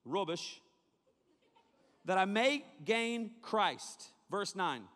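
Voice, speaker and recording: A man preaching to a young crowd as a youth pastor, joking and animated, talking straight to his listeners. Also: high-pitched, unhurried, long reverb tail. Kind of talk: sermon.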